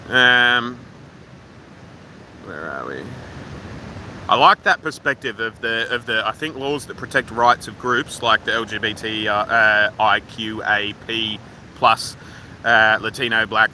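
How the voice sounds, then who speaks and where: Bright-voiced Australian man chatting offhand. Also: on the low side, moderate pace, a little hiss or hum, poor audio. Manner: rambling, profane, offhand. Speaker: livestream host. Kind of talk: casual livestream chat reading comments. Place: outdoors at a waterfall park.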